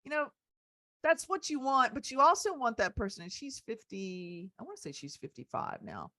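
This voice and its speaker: A woman's voice: a little high, sing-song, normal speed, bright, forceful tone, no room sound. A woman hosting a casual podcast chat, rambling with lots of "you know" and "um.". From Texas. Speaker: host.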